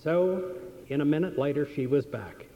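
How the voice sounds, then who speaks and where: A man's voice: on the high side, lively intonation, moderate pace, warm tone, slight background noise. A man giving a motivational seminar, telling stories earnestly and repeating his key questions, on a dull lo-fi recording. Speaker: seminar speaker. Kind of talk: motivational seminar talk with storytelling.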